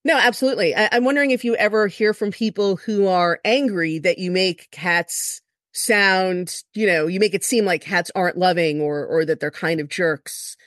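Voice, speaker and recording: A woman's voice: fairly low pitch, normal speed, fairly bright tone, dry recording, clean studio sound. A woman hosting a casual interview, asking curious questions and repeating words as she restarts her sentences. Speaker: podcast host.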